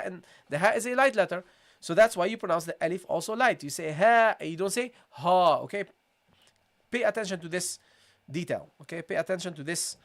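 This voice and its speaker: A Quran recitation teacher giving a tajweed lesson, patiently repeating syllables slowly for students, with a slight cold and occasional throat-clearing. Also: medium pitch. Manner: patient, repeats sounds slowly, calls listeners "guys". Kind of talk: tajweed lesson, live session.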